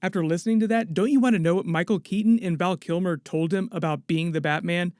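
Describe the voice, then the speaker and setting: A man's voice: high-pitched, fast, a little mellow, dry recording, studio quality. A man hosting an online movie news show, breaking down rumors in a chatty, enthusiastic way. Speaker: host of a movie news channel.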